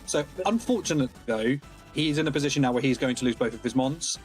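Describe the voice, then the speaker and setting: A man giving live play-by-play commentary on a competitive game tournament, excitable and analytical. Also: medium pitch, fast, soft background music.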